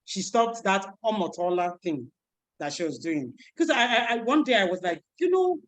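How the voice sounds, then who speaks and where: A woman, a teacher giving an animated talk over a video call, who repeats words and acts out voices. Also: medium pitch, moderate pace, rough recording. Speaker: teacher and guest speaker.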